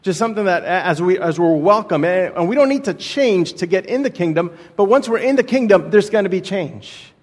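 Guest preacher, thirties, from Texas; casual storyteller, slightly high voice, long hall reverb. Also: male voice, animated, fairly quick, hardly any pauses. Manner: casual, storytelling, with many restarts. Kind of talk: sermon with personal story. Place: church sanctuary.

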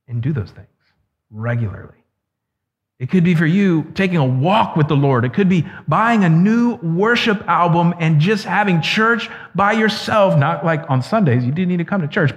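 Earnest pastor preaching in an echoey hall. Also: male voice, a little high. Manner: earnest, slows down to stress key words. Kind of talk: sermon. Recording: echoey hall, dull lo-fi sound.

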